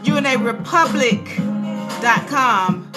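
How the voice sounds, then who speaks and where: A woman's voice: fairly high pitch, slow pace. Chatty woman hosting a live stream. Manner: animated, chatty, breaks into sing-song bits. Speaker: host of a law stream. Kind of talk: live-stream talk to viewers. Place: live social-media stream. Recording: live stream with music playing behind.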